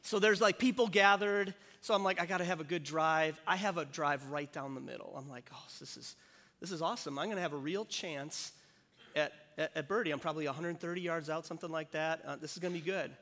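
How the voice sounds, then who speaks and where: A pastor giving a sermon, telling a self-deprecating personal story in a relaxed, conversational way. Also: male voice, a little high, fast. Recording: long hall reverb.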